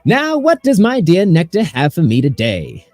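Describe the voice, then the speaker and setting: A man voicing a prim, theatrical bird-man ship captain who speaks in a grand, drawn-out, airy manner. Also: fairly high pitch, wildly swooping pitch, darkish tone, no room sound, pitched above the performer's own voice. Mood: suave.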